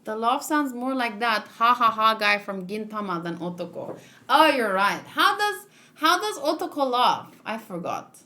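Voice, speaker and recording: Woman hosting a casual manga read-along: high, bright voice, unhurried, chatty. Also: sing-song. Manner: chatty, self-interrupting, laughs often.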